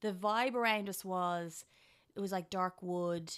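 A woman's voice: lowish voice, measured pace, fairly bright tone, clean tone. An Irish woman co-hosting a podcast, chatting casually and telling stories animatedly, acting out the voices of people she quotes. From Ireland. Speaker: podcast co-host. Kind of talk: casual chat.

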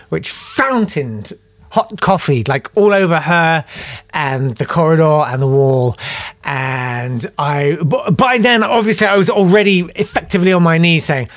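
Animated man telling stories. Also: mid-range voice, normal speed, no room sound. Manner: animated, self-deprecating, acts out voices in his anecdotes. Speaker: podcast host. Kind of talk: casual storytelling and reading listener emails.

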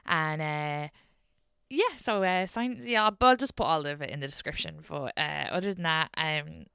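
Woman host doing a rambly intro, low smooth voice, lots of ums. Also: moderate pace, fairly bright tone, dry recording, clean studio sound. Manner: rambling, with lots of fillers and restarts. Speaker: podcast host. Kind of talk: show intro to camera.

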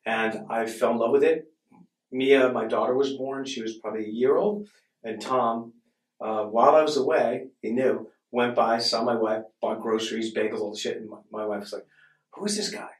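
A man's voice: mid-range voice, fairly even intonation, moderate pace. Playful male storyteller, roomy sound. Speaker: podcast guest, comedian and wine buyer. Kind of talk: casual storytelling. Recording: roomy sound from a distant mic.

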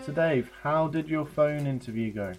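A man's voice: fairly high pitch, normal speed, faint music behind. A man in casual comedic banter, teasing and often giggling as a co-host.

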